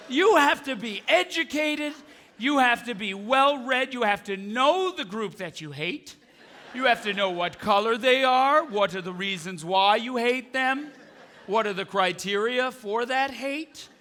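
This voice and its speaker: Casting: a male stand-up comic with a very high, bright voice that swings wide as he rants and shouts. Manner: animated, ranting, often shouting. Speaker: stand-up comedian. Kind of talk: stand-up comedy. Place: theatre stage.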